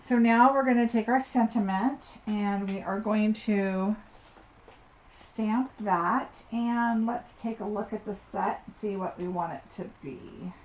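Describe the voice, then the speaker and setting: A woman's voice: mid-range voice, a little slow. A woman giving a live card-making tutorial, chatting and thinking aloud as she works at her desk. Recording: slightly dull audio with faint noise.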